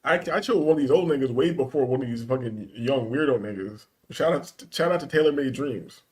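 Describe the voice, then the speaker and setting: A man's voice: medium pitch, fairly quick, darkish tone. A man hosting a casual reaction stream, reading chat aloud and riffing loosely with heavy slang and laughter. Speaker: podcast host reading chat.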